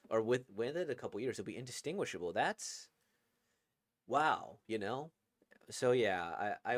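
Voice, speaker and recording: A man giving casual, rambling commentary on a game, with laughing asides. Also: medium pitch. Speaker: game reaction host.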